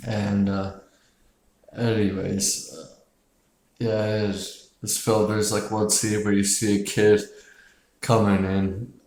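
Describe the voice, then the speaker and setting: Man, film reviewer, rambling casual talk, swears a lot, gravelly low voice, echoey room. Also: flat delivery, slow pace, pauses often, a little mellow, slight background noise. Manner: rambling, profane, chuckling often, many fillers.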